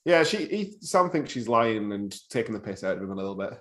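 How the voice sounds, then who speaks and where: Lively laid-back man on a podcast. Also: on the low side, brisk. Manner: laid-back, laughs along, wry comments. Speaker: podcast co-host. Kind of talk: casual film review chat.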